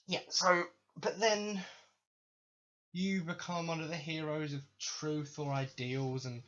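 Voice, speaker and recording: A man's voice: fairly high pitch, fairly even intonation, takes it slowly, fairly bright tone. A young man hosting a podcast, ranting in a profane, sarcastic way. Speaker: podcast host. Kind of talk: ranting commentary. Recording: dull lo-fi recording.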